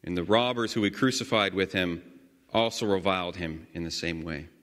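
A man leading a guided scripture meditation, reading slowly and earnestly with sudden swells of emphasis. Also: low-pitched, fairly bright tone. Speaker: prayer leader. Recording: long hall reverb.

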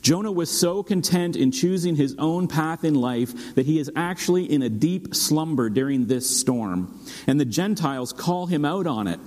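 A man preaching a sermon as pastor, steady and earnest, dropping low for emphasis and rising to urge his listeners. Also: normal speed. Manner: steady preaching with dramatic drops and rising exhortation. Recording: long hall reverb.

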